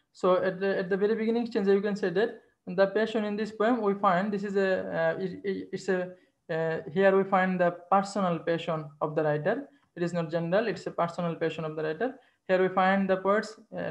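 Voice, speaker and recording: A woman teacher explaining how to write an exam answer, halting often, restarting and repeating her phrases. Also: lowish voice. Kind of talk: exam-answer literature lesson.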